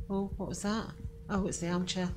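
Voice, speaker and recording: A woman's voice: medium pitch, background noise. A woman giving nervous, jumpy commentary while playing a horror game, swearing and laughing at her own frights. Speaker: gaming channel host.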